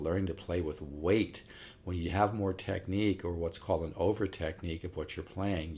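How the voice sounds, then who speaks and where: A man's voice: sits low, a little mellow. A man giving a casual guitar lesson, rambling and enthusiastic, counting the beats aloud over his own playing. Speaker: guitar teacher.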